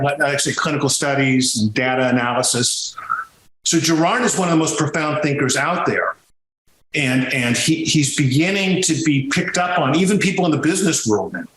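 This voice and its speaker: Animated man with a roomy echo. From Sicilian heritage. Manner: animated storytelling, swings into high pitch when emphatic. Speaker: podcast guest, music historian. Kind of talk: conversational interview.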